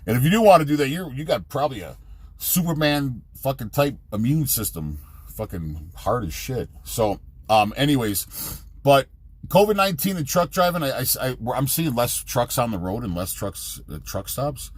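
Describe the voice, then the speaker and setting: A man's voice: mid-range voice, sing-song, normal speed, breathy edge, dry recording. A middle-aged man, a truck driver, rambling casually and profanely in his own vlog, jumping from topic to topic.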